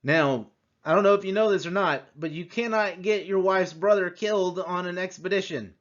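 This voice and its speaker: Brief: lively male history teacher, somewhat high voice, slightly muffled recording. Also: normal speed. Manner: animated, acts out quotes, rhetorical asides. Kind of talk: conversational history lecture.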